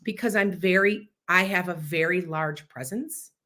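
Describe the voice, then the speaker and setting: A woman, hosting a podcast livestream and chatting casually as a loud, boisterous storyteller. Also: lowish voice, a little slow. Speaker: podcast host.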